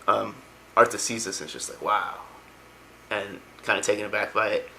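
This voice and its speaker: A young man talks through a story in a loose, rambling way, full of enthusiasm and slangy asides. His voice sits a bit low but comes across bright and forceful. A faint hiss of noise sits behind him. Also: level tone, quick pace, gravelly, rough recording. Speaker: lore explainer. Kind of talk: casual spoken retelling.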